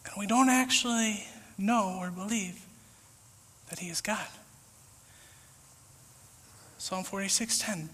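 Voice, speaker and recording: A man preaching a casual, conversational sermon, acting out little scenes with sudden shouts and whispers. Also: high voice, a little slow, husky. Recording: echoey hall with long reverb.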